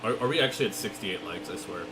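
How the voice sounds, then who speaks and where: A young man livestreaming a racing game from his room, chatting and joking with his viewers in quick asides. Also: low-pitched, expressive, heavy background noise. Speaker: gaming streamer. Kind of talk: live stream chat and play-by-play. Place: home room. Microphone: desk mic with webcam.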